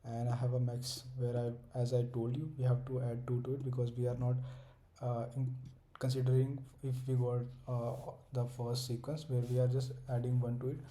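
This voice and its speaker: A man's voice: mid-range voice, completely flat delivery, moderate pace, dark tone, low-quality recording. A young man hosting a coding tutorial, walking through a solution step by step in loose, non-native English phrasing with many fillers. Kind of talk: screen-recorded coding walkthrough.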